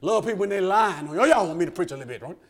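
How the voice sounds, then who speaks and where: A man preaches in a high, lively voice that swoops up into shouts. He keeps a folksy, joking tone with call-and-response asks to the congregation. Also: rapid-fire. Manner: folksy, joking asides with laughter. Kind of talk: sermon.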